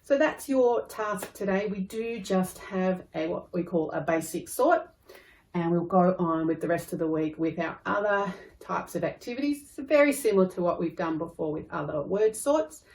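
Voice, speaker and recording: A woman's voice: on the low side, lively intonation, normal speed, creaky, a little mellow. A woman with an Australian accent, patiently explaining a spelling lesson to children. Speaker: primary school teacher. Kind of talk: recorded online lesson. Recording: echoey room.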